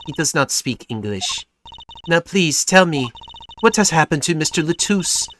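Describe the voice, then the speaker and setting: A man voicing a calm, composed female singer in a game, using a put-on vague European accent and speaking formally. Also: on the high side, unhurried, slight background noise, pitched above the performer's own voice. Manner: formal and polite.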